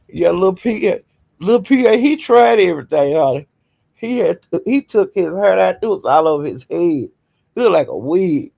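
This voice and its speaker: A man's voice: high voice, animated, unhurried, vocal fry, pauses often, a little mellow. A man hosting his own livestream and telling gossip to his chat. He laughs often and keeps calling his viewers "y'all", "honey" and "child". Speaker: livestream host. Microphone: home streaming setup.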